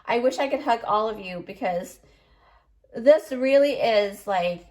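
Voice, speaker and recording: A woman's voice: fairly high pitch, animated, unhurried, darkish tone. A woman giving a pick-a-card tarot reading in a chatty, emotional way, full of fillers, and choked up. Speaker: tarot reader.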